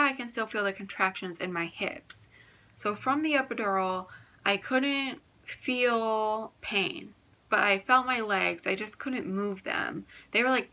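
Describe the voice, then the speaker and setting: A woman's voice: mid-range voice, pushed and bright. A young woman retelling her birth story in a casual, rambling way, full of "like" and quoted dialogue. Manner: fast, filler-heavy retelling with quoted dialogue.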